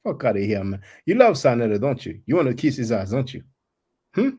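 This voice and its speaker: A man's voice: medium pitch, big pitch swings, fairly quick, mellow, slightly rough. A man hosting a live stream, talking bluntly and mockingly, confronting callers. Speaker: livestream host. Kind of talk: live stream talk with guests.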